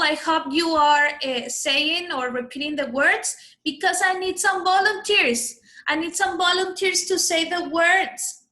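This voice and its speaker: Teaching English to kids in an online lesson, a woman with a bright, high voice works patiently on every pupil's pronunciation. She's heard through a computer mic on a video call.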